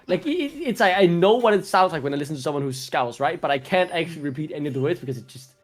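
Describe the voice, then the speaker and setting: Animated male esports caster, higher voice. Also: quick pace. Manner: animated, chatty, laughs easily. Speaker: esports commentator. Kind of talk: live esports commentary.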